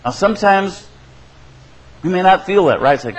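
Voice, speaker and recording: A man's voice: expressive, moderate pace, lo-fi sound. A man preaching a sermon as a pastor, conversational and often checking in with his listeners. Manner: conversational, asks the congregation "right?"; acts out quoted voices with shifts in pitch and loudness.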